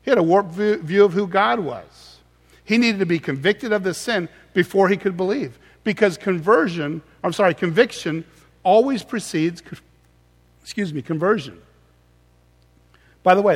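A man's voice: high-pitched, expressive, moderate pace, in a large hall. A man preaching a sermon as pastor, earnest and explanatory, often restarting his words.

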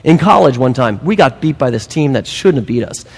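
A man preaching a sermon, emphatic and animated, with humorous asides. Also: medium pitch, brisk, slightly rough, in a large hall. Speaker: pastor.

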